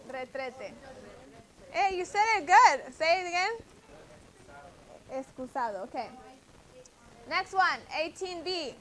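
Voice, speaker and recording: Slow, bright-voiced woman teaching a class. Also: very high voice, lively intonation. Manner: patient, drills words and corrects pronunciation. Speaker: Spanish teacher. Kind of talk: classroom vocabulary lesson.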